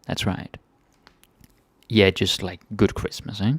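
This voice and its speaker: A man with a Danish accent teaching phrases in a casual lesson, repeating each phrase slowly before explaining it. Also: low voice, little pitch movement, creaky, no echo. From Denmark. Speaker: language teacher.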